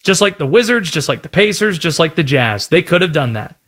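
A man from North Carolina hosting sports talk radio, chatty and animated. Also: on the high side, brisk.

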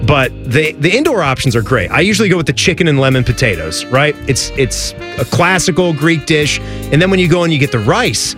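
Over music, a man co-hosting a radio talk show speaks in a fairly high, animated voice at a fairly quick clip. His descriptions are eager and enthusiastic, rambling and heavy with filler, in the style of casual radio banter.

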